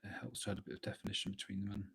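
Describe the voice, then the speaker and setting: A man giving relaxed, rambling commentary while painting miniatures live, thinking aloud with lots of fillers. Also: on the low side, very fast, husky. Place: at a hobby desk at home.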